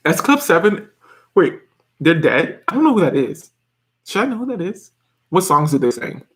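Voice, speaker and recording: Young male streamer, twenties, slightly high-pitched, giggly rambling chat with his viewers. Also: very animated, normal speed, long pauses. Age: 20s. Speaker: live-stream host. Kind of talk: casual live-stream chat reading comments.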